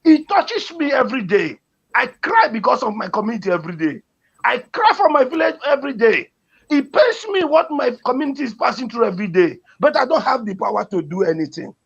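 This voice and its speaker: A Nigerian-accented man pleads emotionally on his community's behalf, returning again and again to the same appeal as its advocate. His voice sits high, with a gravelly, husky quality.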